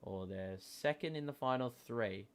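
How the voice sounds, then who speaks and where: A man hosting a live basketball watchalong, talking casually with many fillers and sudden excited outbursts. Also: mid-range voice, normal speed, clear, resonant tone. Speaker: host.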